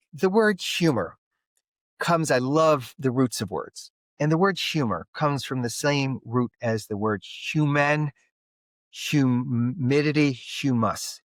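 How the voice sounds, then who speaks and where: A man with a Philadelphia and South Jersey accent and a slightly high, nasal voice, telling stories as a guest in an interview. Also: dry recording. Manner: animated storyteller who acts out the other people in his stories. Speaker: guest, conflict mediator. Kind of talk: storytelling interview talk.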